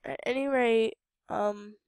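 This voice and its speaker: A tired, slightly sick young woman from Idaho hosts a game video, rambling through casual gameplay commentary in a Western American accent and talking back at the on-screen characters. Her voice sits on the high side with a steady tone, slow pacing, and a clear, resonant, a little mellow sound. The recording is studio quality with no room sound.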